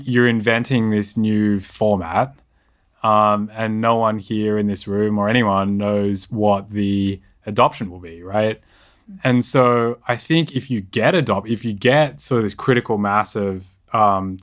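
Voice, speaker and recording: A low-pitched man in a pitch meeting, questioning a founder with curiosity. He speaks in a measured, thinking-aloud way before weighing his verdict. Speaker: investor.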